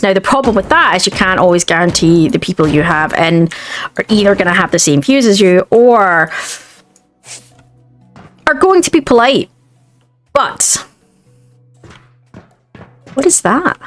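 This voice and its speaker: A woman's voice: medium pitch, animated, moderate pace, pauses often. Scottish woman, gaming creator, chatty and rambling, mid-range voice, faint music underneath. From Scotland. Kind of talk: casual chat while playing a game.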